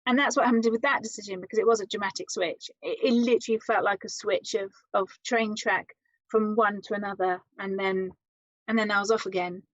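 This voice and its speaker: A woman guest telling her story in an interview, lively and quoting others in acted voices. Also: medium pitch, fairly quick, no room sound. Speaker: interview guest, adventure psychologist. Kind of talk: conversational storytelling. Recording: slightly muffled, dry sound.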